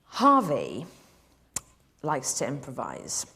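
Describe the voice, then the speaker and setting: An actress telling a talk show anecdote as an animated storyteller who keeps laughing through it. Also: female voice, very deep voice, slow pace, vocal fry, breathy edge. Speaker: actress guest.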